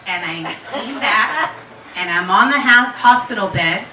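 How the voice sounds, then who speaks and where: A woman in her forties telling a personal story to a live audience, candid and animated, laughing and swearing freely. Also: a little high, a little slow, echoey room, recorded from a distance, slight background noise, rough recording. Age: 40s.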